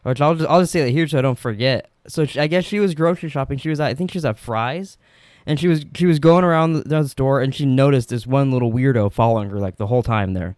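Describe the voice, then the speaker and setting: A man's voice: mid-range voice, quick pace, darkish tone, dry recording, studio quality. A young man co-hosting a podcast, telling rambling stories with restarts and casual swearing. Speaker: podcast co-host.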